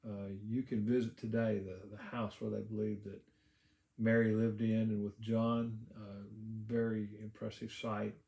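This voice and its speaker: A pastor, a man with a lowish voice, preaches a sermon in an easy, conversational way, stopping often to restart his thoughts. His voice rings out in a roomy, echoing church. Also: gravelly, warm tone. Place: church sanctuary.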